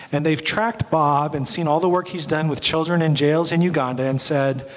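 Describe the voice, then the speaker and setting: A young adult man giving a sermon as a pastor, telling stories and acting out the quoted voices. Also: on the high side. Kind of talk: sermon storytelling. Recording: long hall reverb.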